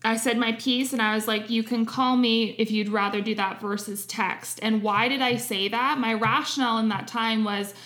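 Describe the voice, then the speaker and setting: Candid, reflective woman with a higher voice. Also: fairly even intonation, moderate pace, hardly any pauses, a bit bright. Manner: reflective, self-examining, speaks in emphatic short phrases. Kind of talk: candid conversational chat.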